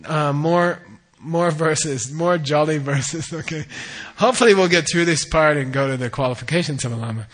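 A middle-aged man teaching Buddhist tradition, explaining terms slowly and often checking in with "okay?". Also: a little high, fairly bright tone. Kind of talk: dharma teaching.

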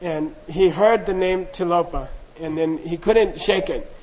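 A man's voice: sits high, unhurried, a little mellow, low-quality recording. A man telling a teaching story in a chatty, casual way, full of asides and small laughs. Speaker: dharma teacher. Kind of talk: storytelling talk.

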